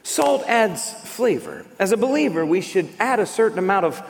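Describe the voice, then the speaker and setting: A man's voice: high voice, very animated, moderate pace, creaky, in a large hall. A man preaching a sermon as a pastor, emphatic and full of rhetorical questions.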